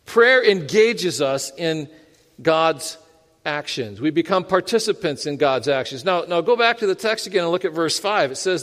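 Male pastor, sermon delivery; higher register, conversational, self-deprecating humor; reverberant sanctuary. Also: lively intonation, normal speed, fairly bright tone. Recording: long hall reverb.

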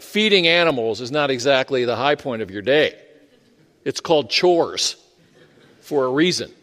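A man's voice: a little high, fairly bright tone, in a large hall. A male pastor preaching a sermon in a conversational way, with joking asides.

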